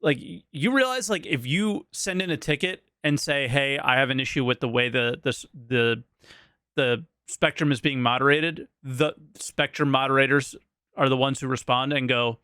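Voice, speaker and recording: A man's voice: mid-range voice, moderate pace, sharp tone, clear, resonant tone, dry recording, clean studio sound. A man hosting a casual podcast chat, blunt, exasperated and swearing freely. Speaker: podcast host.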